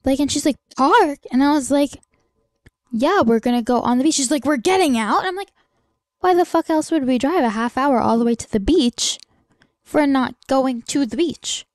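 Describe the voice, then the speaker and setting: A woman's voice: high-pitched, moderate pace, darkish tone, dry recording, clean studio sound. A young woman hosting a podcast alone, rambling in casual chat, full of "like" fillers and swearing. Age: young adult. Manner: rambling, heavy "like" filler, swears freely, exasperated. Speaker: podcast host.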